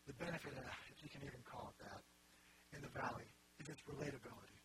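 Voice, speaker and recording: A man's voice: mid-range voice, fast, noisy background. A man preaching a sermon in an earnest, conversational way, with wry asides.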